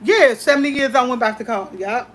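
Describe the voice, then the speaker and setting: A woman hosting a casual chat, talking in an emphatic, repetitive way with heartfelt excitement. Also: on the high side, a little fast. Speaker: host.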